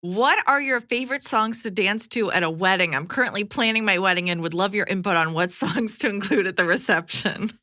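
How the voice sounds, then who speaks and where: A woman's voice: medium pitch, a little fast, few pauses, sharp tone, no room sound, studio quality. A woman co-hosting a casual podcast who laughs easily and reads out listener questions. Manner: giggly, reading listener questions. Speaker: podcast co-host.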